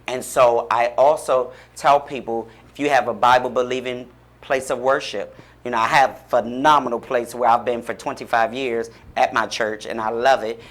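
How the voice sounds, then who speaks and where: A man's voice: medium pitch, fairly even intonation, normal speed, a bit bright. Radio guest: a man with a mid-range voice, talking in an inspirational, preacherly way. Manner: fervent and encouraging, preacherly. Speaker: guest, author and pastor-like speaker. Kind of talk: radio interview, inspirational talk. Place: radio studio.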